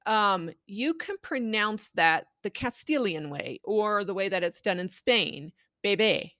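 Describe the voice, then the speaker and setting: A woman educator giving clear, patient instructions on how to read a picture book aloud to a child. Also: medium pitch, expressive, a little slow, pushed and bright, no room sound, clean studio sound. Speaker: Spanish language educator. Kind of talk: instructional talk on reading aloud.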